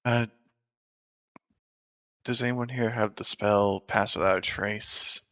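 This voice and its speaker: A man's voice: lowish voice, fairly even intonation, slow, bright, forceful tone. A man playing in a tabletop game, teasing the others and laughing often. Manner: laughing, teasing, uses "y'all". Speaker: player. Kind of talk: casual tabletop game chat.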